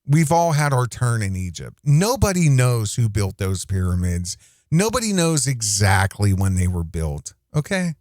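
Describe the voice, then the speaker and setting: A man's voice: on the low side, big pitch swings, a little slow, a little mellow, no room sound, clean studio sound. A man hosting a casual reaction commentary, rambling and indignant, with many restarts. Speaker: commentary host.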